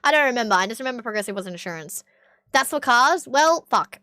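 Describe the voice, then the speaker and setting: A woman's voice: fairly high pitch, animated, quick pace, sharp tone, clear, resonant tone, no room sound, clean studio sound. A young woman with an Australian accent chatting bluntly with her stream viewers, swearing often. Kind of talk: casual chat with stream viewers.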